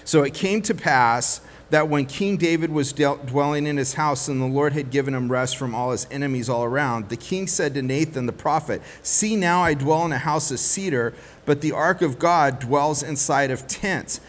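A man preaching a sermon as pastor, lively and conversational, acting out little voices of the people in his story. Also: a little high, moderate pace, hardly any pauses. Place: church hall. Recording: long hall reverb, faint background noise.

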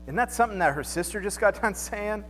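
Preaching quickly in a high, fairly bright voice with lively intonation, this pastor keeps his sermon conversational and loose, full of rhetorical questions. He's in a church sanctuary. The audio has long hall reverb, faint background music and slight background noise.

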